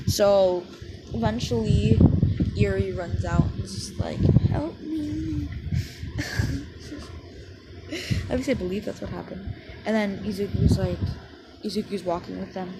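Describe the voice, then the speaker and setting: A woman casually telling a fan story, rambling along with lots of fillers and dropping into quick quoted lines. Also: mid-range voice, very noisy.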